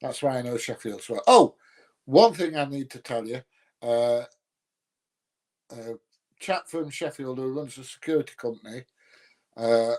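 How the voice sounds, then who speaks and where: A man's voice: mid-range voice, darkish tone. A middle-aged man from the UK talks casually to his livestream viewers. He rambles, trails off and fills gaps with ums and uhs. His voice sits in an ordinary middle range. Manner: rambling, filler-heavy, chatty. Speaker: livestream host answering chat. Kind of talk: casual chat.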